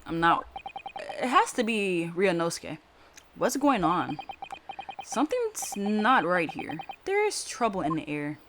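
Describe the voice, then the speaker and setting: A woman's voice: fairly low pitch, sing-song, unhurried, background noise, pitched below the performer's own voice. A woman voicing a dazed young male lawyer who wakes up confused and groggy.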